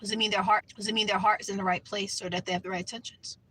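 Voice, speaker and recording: A woman's voice: medium pitch, level tone, quick pace, pushed and bright, husky, low-quality recording. A woman vlogging from her parked car, talking earnestly in a rambling way and often repeating herself. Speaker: Christian vlogger. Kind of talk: casual talk to camera.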